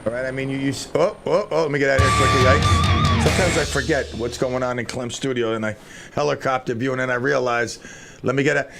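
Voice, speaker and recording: Over music, a middle-aged radio host with a mid-range voice and vocal fry talks quickly. He rambles casually and scattershot, poking fun at himself and thinking aloud while he fumbles with studio gear.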